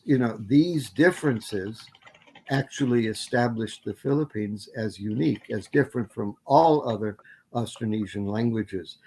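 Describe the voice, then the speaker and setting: Speaking at medium pitch with a slightly mellow quality, a man gives a long, rambling answer in an academic Q&A as a guest lecturer. He often corrects himself, leaning on many fillers.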